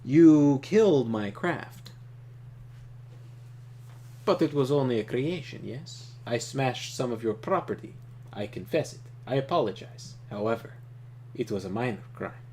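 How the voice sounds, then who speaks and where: A man reading aloud the lines of a calm, powerful male leader in a fantasy computer game, in a measured and formal way. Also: medium pitch, slight background noise, natural voice.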